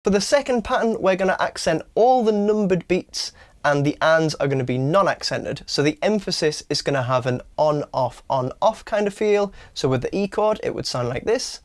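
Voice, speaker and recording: A man giving an online guitar lesson, explaining strumming step by step and counting beats aloud slowly, with a guitar played between his words. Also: a little high, expressive. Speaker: guitar teacher. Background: acoustic guitar strumming.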